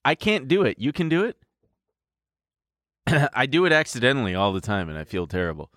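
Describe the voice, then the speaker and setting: A man's voice: mid-range voice, expressive, fairly quick, fairly bright tone, no room sound, studio quality. A man co-hosting a podcast in casual, joking chat, goofy and teasing. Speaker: podcast co-host.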